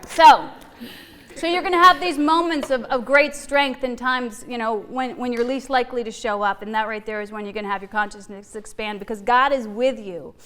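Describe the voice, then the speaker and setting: A woman's voice: a little high, normal speed, a bit bright. A middle-aged woman giving a heartfelt inspirational Easter talk, earnest and laughing often, repeating phrases for emphasis.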